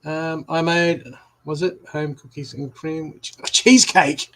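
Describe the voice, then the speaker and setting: A man's voice: a little high, steady tone, measured pace, fairly bright tone, rough recording. A middle-aged man hosting a live reading stream, chatty and rambling as he talks to viewers at home. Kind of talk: casual live-stream chat. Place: home room.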